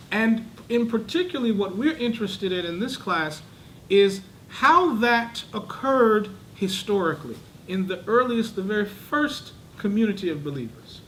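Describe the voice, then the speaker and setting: A man's voice: sits high, fairly bright tone, slight background noise, poor audio. A man lecturing a class, asking the students questions and acting out voices to show how tone changes meaning. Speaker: teacher of a class.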